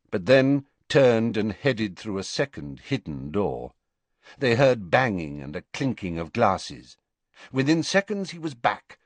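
A man giving an expressive, measured audiobook narration of a story. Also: fairly low pitch, no echo.

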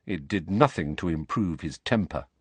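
A man narrating an audiobook in a measured, expressive way, close to the mic. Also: low voice, husky, dry recording. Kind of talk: scripted narration.

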